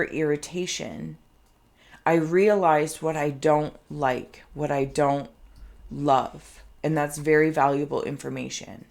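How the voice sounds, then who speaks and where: Speaking in a low-pitched, darkish voice, a woman gives an intuitive tarot card reading. She meanders and hunts for words as she goes, and her throat sounds phlegmy.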